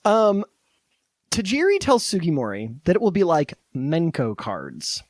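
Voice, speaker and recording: A man hosting a podcast, telling a story in a casual, animated way and laughing easily. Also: a little high, unhurried, no echo.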